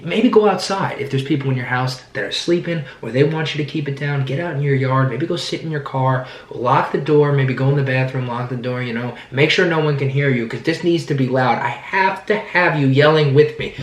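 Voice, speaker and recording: A man's voice: mid-range voice, a little fast, hardly any pauses. A man recapping a football season in an enthusiastic, rambling fan vlog, often repeating himself. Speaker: sports fan vlogger. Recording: roomy echo.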